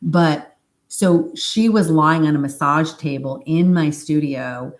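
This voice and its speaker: A woman practitioner telling a story on a live stream and answering viewer comments in a chatty, informal way, with fillers and asides. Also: slow pace. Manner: animated retelling, acts out quoted speech in a higher voice. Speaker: hypnosis practitioner.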